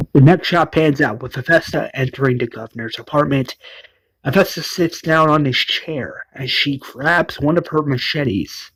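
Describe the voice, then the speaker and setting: A man casually retelling an episode, rambling with lots of "like" and quick self-corrections. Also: medium pitch, fairly bright tone, husky, dry recording, low-quality recording. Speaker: show recap narrator.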